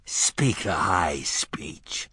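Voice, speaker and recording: A man voicing a brutal middle-aged weapons master in an audiobook. He speaks low, slow and menacing, his flat voice carrying a slight drunken rasp and a husky edge. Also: dry recording, studio quality, full character voice.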